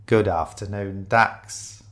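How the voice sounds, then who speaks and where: A man's voice: on the low side, fairly even intonation, slow, a bit bright. A man voicing a motherly middle-aged woman receptionist who is tearful and chatty and calls people ducks and dear. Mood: sorrowful.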